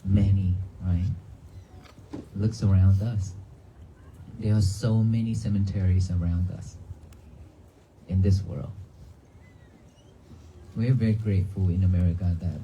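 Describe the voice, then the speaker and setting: Low-voiced monk preaching outdoors. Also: male voice, fairly even intonation, measured pace, pauses often, warm tone, dull audio, slight background noise. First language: Vietnamese. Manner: earnest, simple phrasing, asks the crowd questions. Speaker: monk giving a dharma talk. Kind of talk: outdoor sermon to a crowd. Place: outdoors at a church cemetery.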